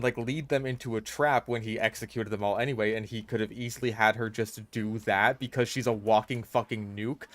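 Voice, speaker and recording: A man of middle pitch doing gaming commentary as a voice-over. He rants in an exasperated, sweary way, breaking off his sentences and starting again, with a steady stream of "like". It is casual, fed-up venting over gameplay. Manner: halting, restarts with lots of "like". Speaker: gaming YouTuber.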